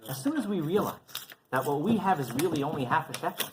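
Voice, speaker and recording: A man's voice: a little high, fast talker, slight background noise. A rabbi giving a sermon as a story, chuckling often and checking in with his listeners. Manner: animated, chuckling, keeps asking "right?". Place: synagogue.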